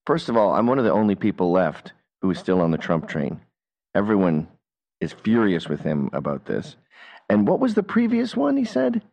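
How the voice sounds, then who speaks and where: A low-voiced man reacts to clips in an animated commentary. His pitch swings high and low as he mocks and argues. His delivery is opinionated and fast-changing. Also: creaky. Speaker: commentator host.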